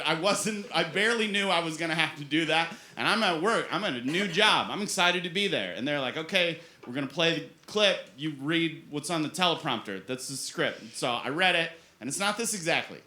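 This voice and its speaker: A man's voice: fairly high pitch, pushed and bright. A man in his forties performing a stand-up comedy set on a club stage, telling playful self-mocking stories. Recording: roomy club sound with crowd laughter.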